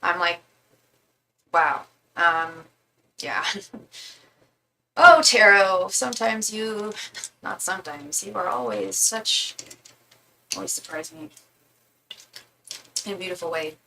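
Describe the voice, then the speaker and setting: A young woman talks through a live tarot reading in a loose, rambling, chatty way. Her voice is bright with some gravelly fry. She sits a little back from the mic, with faint noise in the room. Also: expressive, slow, long pauses, distant mic, rough recording. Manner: chatty, rambling, repeats invocations in a low murmur. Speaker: tarot reader. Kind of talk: live-stream tarot reading, casual chat.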